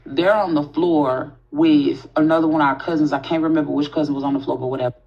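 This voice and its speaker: Low-voiced woman spinning a spooky yarn. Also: quick pace. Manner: animated, profane, talks straight to the audience. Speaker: storyteller. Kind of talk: casual spooky storytelling. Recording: dull lo-fi audio.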